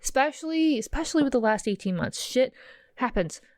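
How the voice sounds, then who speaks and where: A woman's voice: sits high, lively intonation, a little fast, a little mellow, dry recording, clean studio sound. A woman hosting her own podcast, talking in a rambling, impassioned monologue full of "okay?" asides, emotional and empathetic, calling listeners "sis.". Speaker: podcast host. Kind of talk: casual monologue.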